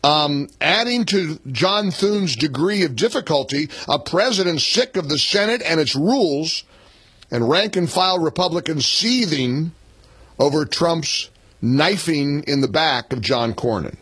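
Husky, animated older male radio host. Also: on the high side, a little slow, no room sound. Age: 60s. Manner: emphatic, repeats points for punch. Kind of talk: opinionated political talk radio.

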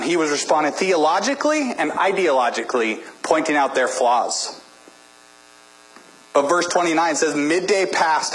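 A man's voice: on the high side, fairly bright tone, low-quality recording. A man preaching a sermon as a pastor, emphatic and exhorting, with casual joking asides.

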